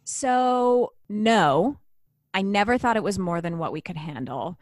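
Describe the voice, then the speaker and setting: A woman in her thirties, a podcast co-host, telling stories in a casual, animated chat, swearing freely and acting out what others said. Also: medium pitch, measured pace, dry recording. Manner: chatty, swearing, animated storytelling with quoted voices.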